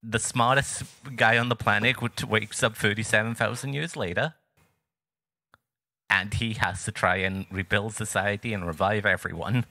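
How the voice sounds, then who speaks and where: A man's voice: on the low side, fairly even intonation, normal speed, vocal fry, pushed and bright, no room sound. A man co-hosting a podcast who explains a story with amusement and laughs often. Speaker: podcast co-host. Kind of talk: casual podcast chat.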